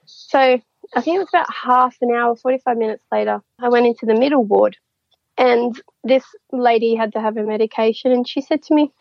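A woman's voice: on the high side, fairly quick, creaky, no echo. Woman guest, rambling storyteller, dull lo-fi sound. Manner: chatty, rambling, laughs often. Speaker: psychic guest. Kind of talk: casual storytelling. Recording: dull lo-fi, dry.

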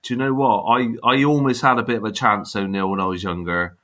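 Speaking briskly in a lowish, level and fairly bright voice, this fifties-aged man with a Bristol accent chats casually in an interview. He's blunt and talkative, quick to laugh and to curse.

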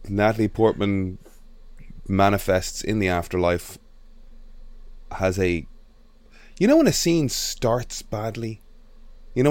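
A man's voice: deep voice, a little mellow, no echo. A man hosting a casual film chat, frank and picky about how scenes are shot.

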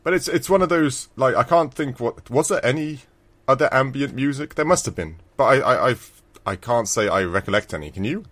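A man's voice: mid-range voice, expressive, a little fast, a bit bright. Laughing man chatting about retro games. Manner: rambling, laughs often, frequent restarts. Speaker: podcast co-host. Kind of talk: casual chat about a retro video game.

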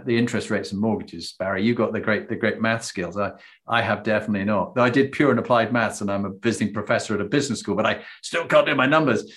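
Man, interview host, animated storyteller, self-deprecating, fairly low voice. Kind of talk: conversational interview.

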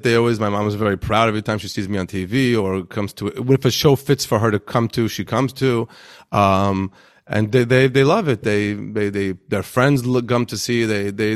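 Man talking casually in an interview. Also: fairly low pitch. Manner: conversational, repeats words as he thinks. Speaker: stand-up comedian guest.

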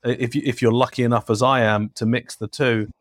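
A man, an energetic, talkative guest on an interview show. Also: a little fast, no echo, clean studio sound. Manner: energetic, talkative, jumps up in pitch. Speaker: guest, travel points expert. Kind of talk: lively interview talk.

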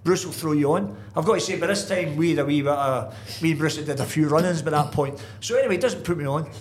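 A middle-aged man, a guest telling lively stories in casual chat, full of asides and restarts. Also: a little high, fast. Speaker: guest, football manager. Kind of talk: casual anecdotal storytelling.

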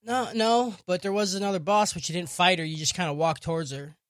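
A man chatting on a casual podcast, telling blunt, profane stories in a deadpan way. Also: high-pitched, fairly quick, dry recording, studio quality. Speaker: podcast co-host.

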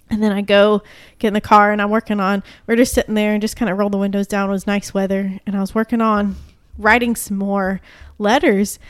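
A woman's voice: mid-range voice, no echo, clean studio sound. An American woman co-hosting a casual podcast chat, telling stories and acting out the quotes with laughs. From United States. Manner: animated storyteller, acts out quotes with laughs. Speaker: podcast co-host.

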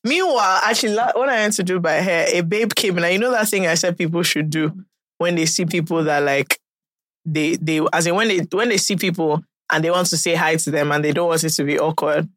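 A woman's voice: fairly low pitch, fairly quick, fairly bright tone, dry recording, studio quality. A Nigerian woman co-hosting a podcast, chatting playfully and acting out quoted dialogue. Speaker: podcast co-host. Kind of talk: casual chat.

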